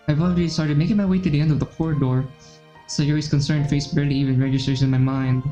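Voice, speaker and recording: A gaming YouTuber reads a visual novel aloud, narrating steadily in the first person. His voice is a little high and dark-toned, with a steady tone and quick pace, on a dull lo-fi recording with faint music.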